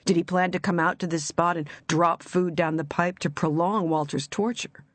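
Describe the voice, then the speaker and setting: A woman narrating an audiobook in a measured, even reading. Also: fairly low pitch, no room sound.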